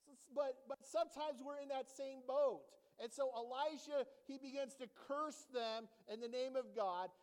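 A male pastor preaching a sermon to a congregation in a church, animated and joking, often checking in with the audience. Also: very high-pitched, normal speed, few pauses, clean tone, in a large hall.

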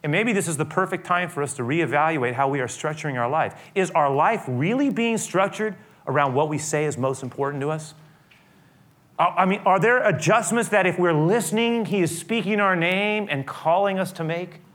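A middle-aged male pastor preaching a sermon, moving between quiet reflection and rising, emphatic appeals. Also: on the high side, expressive, normal speed.

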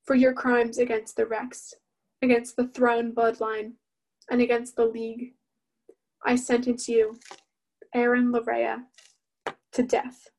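A woman reading the part of a cruel ruling father who hands down death sentences with mock sorrow, in a flat, level voice. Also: on the high side, slow, pauses often. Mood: solemn. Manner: solemn, mock-sorrowful pronouncement.

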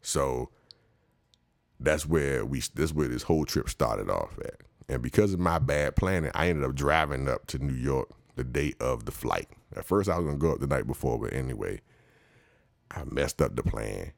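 A man's voice: a bass voice, expressive, normal speed, creaky, dry recording. A man hosting a show, telling casual comic stories in a slangy, rambling way and laughing often.

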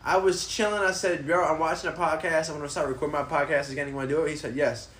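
Talking fast over a noisy background, this man hosts a loose, rambling podcast from his apartment, swearing heavily. His voice is a little high and his tone stays steady.

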